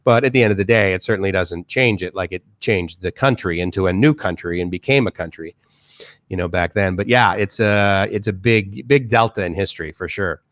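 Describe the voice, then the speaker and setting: A man with a Boston accent talks loosely on his live stream, reading viewers' comments aloud and circling back through fillers and restarts. His voice sits low, and the sound is dry with no room echo. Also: brisk, fairly bright tone. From Boston area, USA. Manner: rambling, many restarts and fillers. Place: home, in Bangkok.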